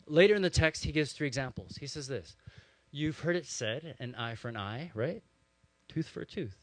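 A man preaching a sermon, telling stories in a lively, conversational way with frequent asides to his listeners. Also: on the high side, normal speed, dry recording. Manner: animated storytelling with conversational asides. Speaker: pastor.

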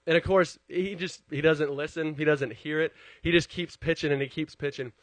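A man preaching a conversational sermon, an animated storyteller who pokes fun at himself before turning to scripture. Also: a little high, moderate pace, no room sound. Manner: self-deprecating, animated storyteller. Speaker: pastor.

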